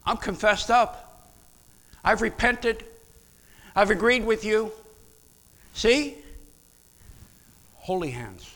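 A male pastor delivering a sermon in an animated, conversational way, asking the congregation questions. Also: high-pitched, extremely slow, pauses often. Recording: long reverb of a large hall.

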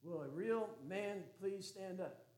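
A man's voice: sits high, slow pace, darkish tone. A man preaching a sermon as a Baptist pastor, folksy and joking, then emphatic.

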